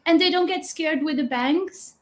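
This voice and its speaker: A woman's voice: extremely high pitch, normal speed. A woman teaching a live online class from her home kitchen, bubbly and gushing, laughing often. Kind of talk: live-streamed class, casual and chatty.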